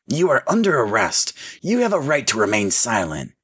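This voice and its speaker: A woman's voice: a bass voice, huge pitch swings, moderate pace, a bit bright, slightly rough, dry recording, clean studio sound, voice pushed up, full character voice. A man voicing a tough adult female private investigator who barks commands in a raised voice. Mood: commanding. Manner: barking commands.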